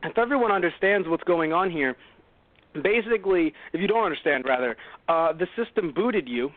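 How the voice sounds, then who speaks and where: A man hosts a casual film review show from home, his voice sitting a bit high. He rambles, restarts and tosses in wry asides. The sound is thin and tinny, like a call-in line. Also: lively intonation, fairly quick, no room sound. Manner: rambling, self-correcting, wry. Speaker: podcast host. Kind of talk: casual movie review chat.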